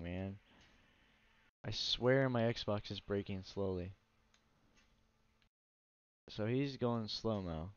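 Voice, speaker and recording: In casual let's play commentary, a tired gaming channel host talks slowly in a lowish voice, with long pauses between blunt, profane rants about his console gameplay. A dull lo-fi mic records him dry.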